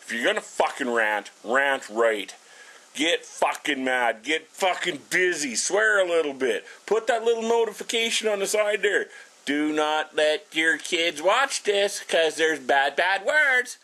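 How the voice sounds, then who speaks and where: A man's voice: a little high, expressive, a little slow, sharp tone. A middle-aged man rambling and swearing nonstop while he shows off his small house and cooks. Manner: blunt, swears constantly, rambling. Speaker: vlogger. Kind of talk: casual profane ranting vlog.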